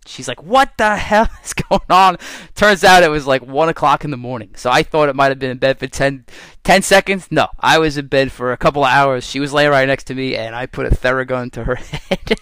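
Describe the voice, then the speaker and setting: A man hosting his own fitness podcast, telling stories in a casual, animated way and laughing at himself now and then. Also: mid-range voice, brisk, clean tone, no echo. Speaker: podcast host and strength coach. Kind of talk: casual solo podcast monologue.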